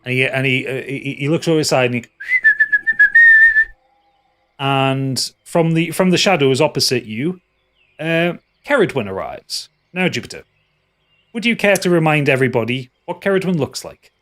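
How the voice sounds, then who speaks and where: A man narrating as game master in a tabletop game, halting and restarting. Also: medium pitch, expressive, a bit bright.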